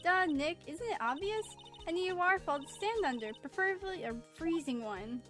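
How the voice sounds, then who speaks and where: A woman's voice: extremely high pitch, normal speed, faint music behind. Woman playing a perky teen spirit medium. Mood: eager. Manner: perky, excitable. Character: bubbly teenage girl spirit medium, eager.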